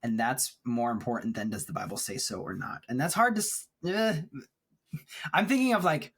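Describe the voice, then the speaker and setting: A man's voice: mid-range voice, sing-song, normal speed, a bit bright, breathy edge. A man co-hosting a film podcast, talking in a thoughtful, rambling way with frequent laughs. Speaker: podcast co-host. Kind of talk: casual chat. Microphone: remote recording setup.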